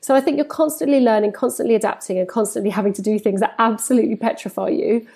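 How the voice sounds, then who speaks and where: A woman in her forties, a football presenter, telling stories in an animated way in a podcast interview and acting out the dialogue she quotes. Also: a little high, fast, slightly rough. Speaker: football presenter and reporter, guest.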